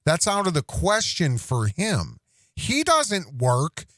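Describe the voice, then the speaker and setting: A man's voice: a little high, huge pitch swings, slow, fairly bright tone, dry recording, clean studio sound. A middle-aged man hosting a reaction commentary show, mocking and sarcastic, breaking into laughs as he talks.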